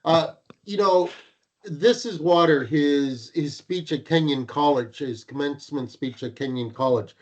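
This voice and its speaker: A man's voice: on the high side, unhurried, lo-fi sound. A man who teaches co-hosts a podcast in casual chat, blunt and teasing, speaking just after dental work.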